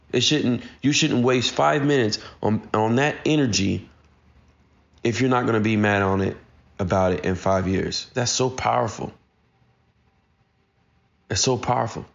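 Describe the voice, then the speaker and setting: A man in his thirties, a motivational speaker, gives a casual, earnest talk aimed directly at his listeners. His voice is on the low side and gravelly, and the recording's highs are cut off.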